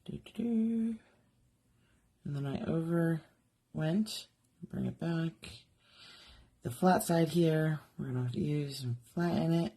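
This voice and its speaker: A woman's voice: sits low, slow, long pauses, mellow, husky. A woman doing a live craft demonstration from her studio, chatting and thinking aloud as she works. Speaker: jewelry artist demonstrating live. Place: home art studio.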